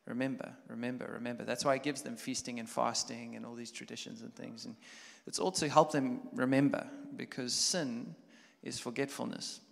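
A man preaching a sermon as a pastor, talking conversationally and building from quiet reflection to loud, animated storytelling. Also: mid-range voice, normal speed, creaky, few pauses. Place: church hall. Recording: long church hall reverb.

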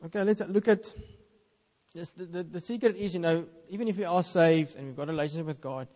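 A man's voice: a little high, fast, mellow, big-room sound. A man, an Afrikaans speaker, preaching a sermon in an earnest, conversational way and reading scripture aloud.

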